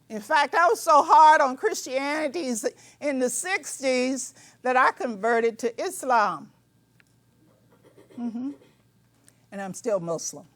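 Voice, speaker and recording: An older woman giving a lecture in a preacherly, emphatic manner, with colloquial asides and bursts of shouting. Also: high-pitched, dry recording, studio quality. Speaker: speaker.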